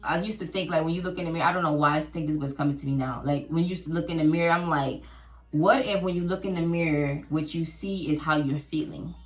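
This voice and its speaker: A woman podcast host, talking in a casual faith-based chat with a preachy, animated storytelling manner. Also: deep voice, fast, echoey room, distant mic.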